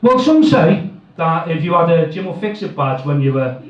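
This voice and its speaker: Man, stand-up comic, crude and swearing, slightly high voice, echoey, far off, muffled. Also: very animated, normal speed. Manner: crude, swearing, self-mocking. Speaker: stand-up comedian. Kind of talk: stand-up comedy set. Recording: echoey, distant, dull live sound.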